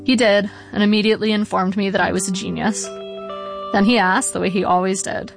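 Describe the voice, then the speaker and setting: A middle-aged woman reading her own memoir aloud in a measured, wry way. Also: mid-range voice, little pitch movement, creaky, over music. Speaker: narrator.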